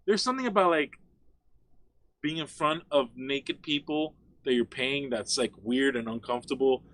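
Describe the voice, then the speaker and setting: A man from Miami, a guest on a casual chat, telling a story in an animated, profane way full of "like" fillers. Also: mid-range voice, moderate pace, no echo.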